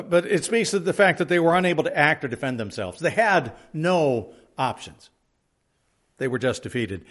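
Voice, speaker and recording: A man with a fairly high voice teaches through a psalm verse by verse. He reads the old scripture wording aloud, then explains it in plain, unscripted talk full of restarts and small fillers. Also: a bit bright. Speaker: Bible teacher.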